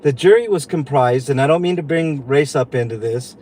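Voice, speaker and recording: A man hosting a livestream from inside a vehicle, venting in a halting, upset way and greeting viewers. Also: mid-range voice, a little mellow. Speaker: livestream host. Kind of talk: livestream commentary.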